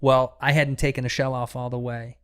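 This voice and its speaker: A man's voice: mid-range voice, brisk, smooth. Swearing man spinning a story. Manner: profane, animated anecdote telling with lots of restarts. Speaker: podcast guest, comedian. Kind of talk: casual storytelling chat.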